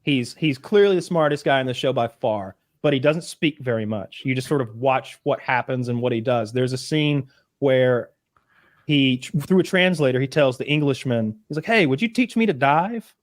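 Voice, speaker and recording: Guy on a podcast going on about a show, acts out lines loud, dry close sound. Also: mid-range voice, moderate pace, dry recording. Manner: animated storytelling, acts out quotes in loud bursts. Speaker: podcast co-host. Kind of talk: casual chat.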